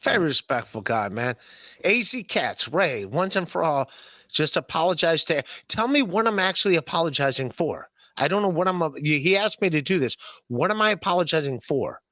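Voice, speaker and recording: Rambling, cursing podcast host, bright voice. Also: male voice, a little high, sing-song, normal speed, no room sound. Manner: rambling, stammering, blunt and profane. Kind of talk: casual podcast chat.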